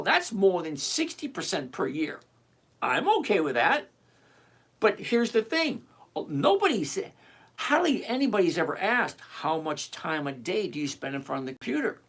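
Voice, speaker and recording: A livestream host teaches options trading, reading chat questions aloud and answering them. The delivery is animated, chatty, direct and repetitive, in a husky, medium-pitched voice.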